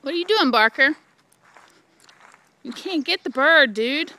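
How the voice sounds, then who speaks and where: A woman's voice: sits high, expressive, a little slow, sharp tone. A woman filming in her backyard, chatting playfully and teasing her dogs. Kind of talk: casual home video talking to pets.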